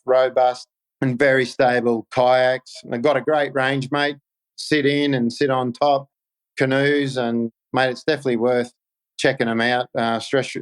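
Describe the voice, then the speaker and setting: A man's voice: mid-range voice, clean tone, poor audio. An Australian man guesting on a fishing podcast, chatting in an easygoing way and peppering his talk with "mate". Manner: easygoing, says "mate" constantly, halting restarts. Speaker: podcast guest, kayak angler. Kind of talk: casual podcast chat.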